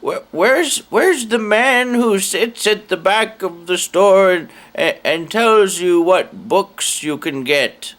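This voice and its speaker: A man voicing a confused, very old woman who speaks slowly and haltingly. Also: high voice, lively intonation, a bit bright, voice pushed up, full character voice. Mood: puzzled.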